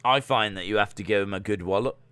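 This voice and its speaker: A man's voice: lowish voice, fast talker, a bit bright, smooth, no room sound. A man hosting a live stream watch-along, commenting casually on sport while reading out chat in a jokey, rambling way with many fillers.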